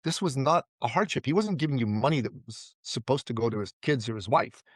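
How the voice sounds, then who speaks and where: A man's voice: mid-range voice, lively intonation, brisk, husky, no echo. A man from Iran, a podcast guest and entrepreneur, telling stories in casual interview talk. He acts out the people he quotes and often says "like" and "right?".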